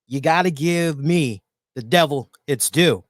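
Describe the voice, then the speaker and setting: A man hosting a solo wrestling review, talking in an animated, emphatic way and repeating words for emphasis. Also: a little high, unhurried, dry recording, clean studio sound. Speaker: wrestling show reviewer, host.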